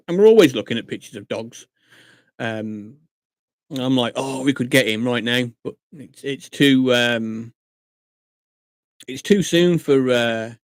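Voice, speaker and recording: Male streamer, casual storyteller, mid-pitched, dry close mic. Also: no echo. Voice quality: chatty, animated storytelling with acted-out quotes. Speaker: live streamer. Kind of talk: casual live-stream chat. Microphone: desk mic at a computer monitor.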